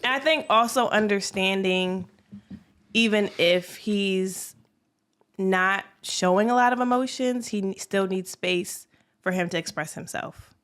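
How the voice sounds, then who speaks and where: A woman's voice: mid-range voice, measured pace, fairly bright tone. A young woman, a newlywed guest, chatting casually and acting out quoted lines with laughter. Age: young adult. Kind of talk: casual chat.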